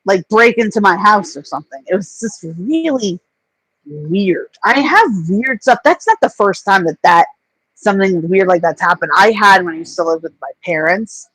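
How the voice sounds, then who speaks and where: A woman's voice: medium pitch, expressive, normal speed, a bit bright, slightly rough, dry recording, rough recording. Woman host rambling through a story, dry sound. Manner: rambling anecdotes with many fillers. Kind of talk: casual livestream chat.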